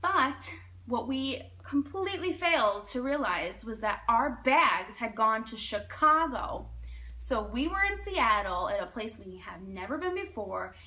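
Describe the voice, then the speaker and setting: A young woman in her twenties tells a casual personal anecdote with animated, dramatic delivery. Her voice is high and bright, and "like" peppers her sentences. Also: unhurried. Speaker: storyteller.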